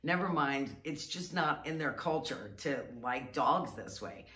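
A woman vlogger telling a funny story to camera in a chatty, animated way, often laughing and stretching out words. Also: deep voice, unhurried. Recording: roomy sound, mic at a distance.

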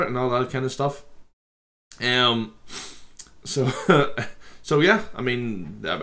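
A man's voice: on the low side, pushed and bright. A man from Ireland with an Irish accent, hosting a casual reaction video, chatty and full of swearing and laughter.

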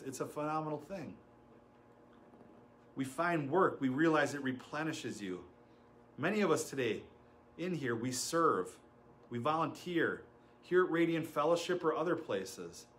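A middle-aged man preaching a sermon as pastor, telling stories with laughs and acting out quotes. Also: medium pitch.

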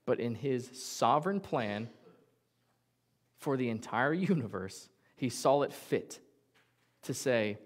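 A man preaching a sermon from the pulpit in a mid-pitched voice. He keeps it conversational and jokey and often acts out little quotes as he goes. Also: expressive, measured pace, long pauses. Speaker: pastor. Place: church sanctuary.

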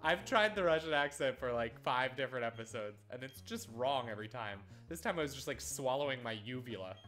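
A man's voice: medium pitch, lively intonation, fairly quick, sharp tone, soft background music. A man casually commenting on a video game as he plays, sarcastic, often repeating words in exasperation. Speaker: let's play host.

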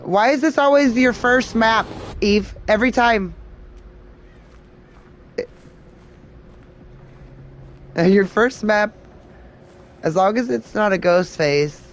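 A woman's voice: medium pitch, takes it slowly, long pauses. A woman streaming a game and chatting casually with friends, swearing freely and laughing often. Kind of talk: casual gaming stream chat.

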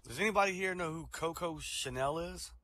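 A middle-aged man telling one-liners as a stand-up comedian on an online voice-chat comedy show, relaxed and chuckling at his own punchlines. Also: a little high, brisk, noisy background. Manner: laid-back, fills with "you know" and "um", laughs at his own jokes.

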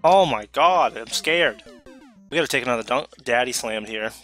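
A man giving live commentary while playing a video game, excitable, talking to himself and letting out sudden yelps. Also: mid-range voice, normal speed, soft background music.

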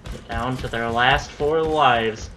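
A man's voice: mid-range voice, slow. A young man giving live gameplay commentary, swearing and ranting when things go wrong. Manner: profane, easily riled, ranting. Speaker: gaming commentator. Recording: loud game noise behind voice. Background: gunfire and game sounds.

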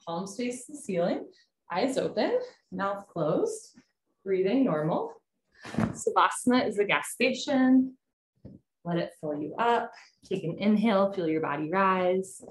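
A woman teaching a guided yoga class, giving calm step-by-step cues. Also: mid-range voice, a little slow, slight background noise. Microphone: camera mic. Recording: echoey room.

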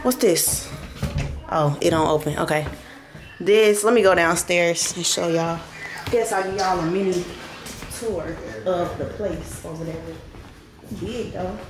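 A woman's voice: fairly low pitch, unhurried, pauses often. A woman vlogger giving a casual house tour, chatting to her viewers and a little out of breath. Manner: chatty, addresses viewers as y'all. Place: large rental house, indoors.

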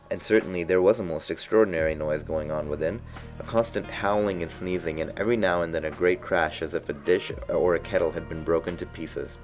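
Brief: low-pitched male narrator, storybook reading, faint music underneath. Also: brisk, low-quality recording.

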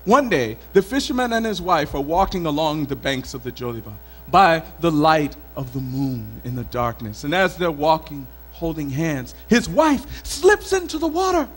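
A male storyteller from Mali telling a folk tale in an expressive, dramatic way at a live event. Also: fairly high pitch, moderate pace, hardly any pauses, rough recording. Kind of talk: oral storytelling performance. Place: country club event.

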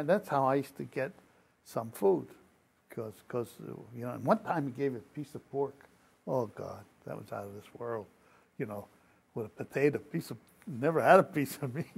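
An older man tells his own stories in an oral history interview and acts out each person's lines as he goes. His voice is gravelly and sits a little high for a man. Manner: lively anecdotal storytelling with quoted dialogue.

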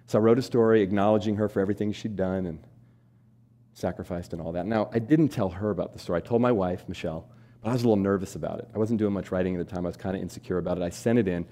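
A man speaks quickly on a stage, his voice low and mellow. He is in his forties and tells a personal story to a live audience. He asks them questions and acts out the voices of the people in the story. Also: fairly even intonation. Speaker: keynote speaker. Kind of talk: storytelling keynote talk.

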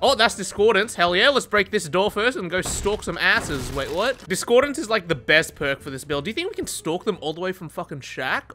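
A video creator giving excitable gameplay commentary, swearing a lot and laughing often. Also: medium pitch, a little fast, few pauses, faint music behind.

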